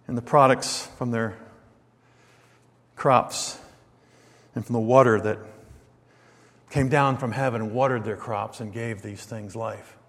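Man preaching in a reverberant hall. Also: medium pitch. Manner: builds from quiet reflection to loud emphatic stresses. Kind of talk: sermon.

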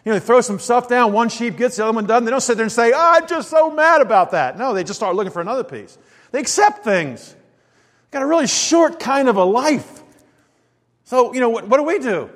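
A man preaching a conversational sermon, asking rhetorical questions and dropping quiet before lifting his voice again. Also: very high voice, lively intonation, fairly quick. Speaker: pastor. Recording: long hall reverb.

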